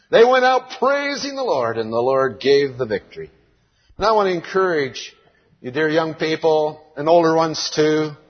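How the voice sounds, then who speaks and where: Slow earnest American preacher, husky. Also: male voice, mid-range voice. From United States. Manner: slow, earnest preaching, reading scripture aloud. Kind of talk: sermon. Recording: dull lo-fi recording with long hall reverb.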